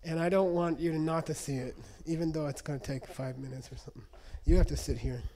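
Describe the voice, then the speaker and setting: Male speaker, slightly raised pitch, teaching a room casually. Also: fairly even intonation, quick pace, warm tone, slight background noise. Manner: conversational teaching, frequent "okay?" check-ins. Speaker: lecturer. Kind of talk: live lecture to an audience. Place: lecture room.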